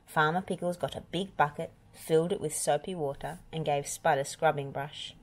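A woman reading a children's picture book aloud, gentle and expressive. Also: low-pitched, normal speed. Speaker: storybook reader. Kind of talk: children's read-aloud narration.

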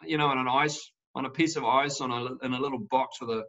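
A winemaker chatting casually over a video call, telling stories and jokes with a laugh. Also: male voice, mid-range voice, fast talker. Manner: relaxed storyteller, laughs through his jokes. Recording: muffled lo-fi video call audio.

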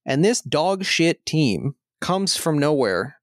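A man's voice: on the high side, big pitch swings, takes it slowly, no room sound. A man hosts a film podcast in casual chat. He rambles with a wry, jokey edge, heard close on a dry mic. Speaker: podcast host.

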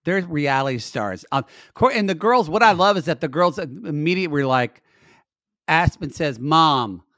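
Higher-voiced man recapping reality TV. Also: animated, normal speed, fairly bright tone, dry recording, studio quality. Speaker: podcast co-host. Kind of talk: casual chat recapping reality TV.

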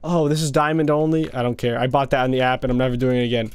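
A man's voice: medium pitch, flat delivery, racing, smooth, dry recording. A young man hosting a casual gaming video, talking over gameplay with gasps, exclamations and playful taunts on a desk microphone.

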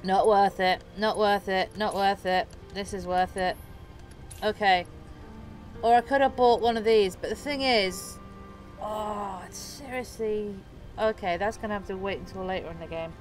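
A woman's voice: medium pitch, steady tone, a little slow, soft background music. A woman commenting on her game playthrough, emotional and swearing often. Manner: emotional, swearing, laughing asides. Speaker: gamer streaming a playthrough. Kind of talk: let's play commentary.

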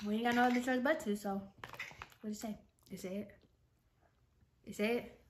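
A young woman vlogging with her partner on a phone camera at home, excitable and quick to protest. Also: on the high side. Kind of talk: casual couple vlog.

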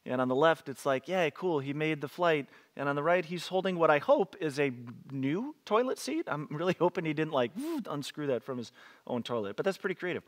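A man's voice: a little high, big pitch swings, a little fast. A man preaching a casual online sermon as pastor, chatty and joking, laughing between readings. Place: church, streamed online.

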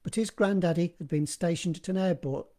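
Mellow-voiced man reading a horror story. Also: on the high side. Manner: steady, measured narration with occasional retakes. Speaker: author reading his own story.

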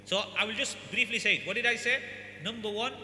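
A man's voice: sits high, fast talker, sharp tone. A man giving an emphatic sermon to a congregation, repeating his points and acting out parents and children. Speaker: Islamic scholar giving a talk. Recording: echoey hall with faint hum.

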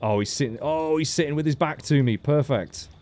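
A man's voice: fairly high pitch, brisk, a little mellow. A man giving casual, joking game commentary as a let's play host, with frequent swearing. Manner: chatty, joking, swears freely.

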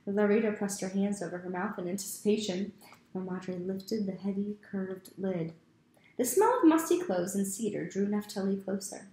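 A woman reading a children's novel aloud as a teacher, in an expressive, steady storytelling manner. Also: medium pitch, creaky. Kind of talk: storybook read-aloud narration. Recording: echoey room.

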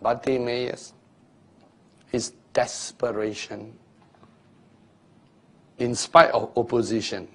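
A man preaching a story-driven sermon, swinging his voice up and down as he acts out each scene. His grammar runs loose and conversational, and his pitch sits mid-range. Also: flat delivery, slow pace, long pauses. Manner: loose non-standard grammar.

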